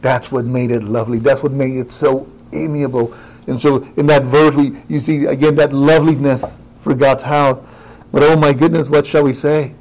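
A man preaching a sermon who talks directly to his congregation, moving from quiet asides to rising, emphatic exclamations. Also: mid-range voice, steady tone, moderate pace, rough recording.

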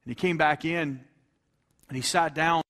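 A middle-aged man preaching a fervent sermon, reading scripture aloud and swinging between loud exclamations and hushed tones. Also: a little high, steady tone, normal speed. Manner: reads scripture in King James English.

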